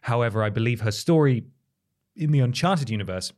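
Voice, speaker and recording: A man's voice: mid-range voice, animated, darkish tone. A man co-hosting a casual film review podcast, chatty and wry. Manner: chatty, wry, quick asides. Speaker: podcast co-host.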